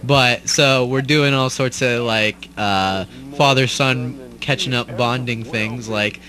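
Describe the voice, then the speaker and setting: A young man talks through a commentary track in a relaxed, meandering way. His voice sits in an ordinary middle pitch. He swears casually and trails off often. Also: slow. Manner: rambling, loose, swears casually. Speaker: cast member doing commentary.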